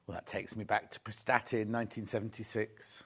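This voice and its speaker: A man's voice: lowish voice, little pitch movement, a little fast, a bit bright, husky. A middle-aged man hosting a live sewing shopping show, gushing over fabrics and teasing the crew in chatty banter. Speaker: shopping channel host. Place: TV studio.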